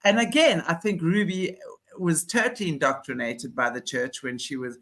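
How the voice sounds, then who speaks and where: A man's voice: a little high, moderate pace, a bit bright. A man co-hosting a casual chat, giving opinionated, explanatory commentary. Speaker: podcast co-host. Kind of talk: casual chat about a news case.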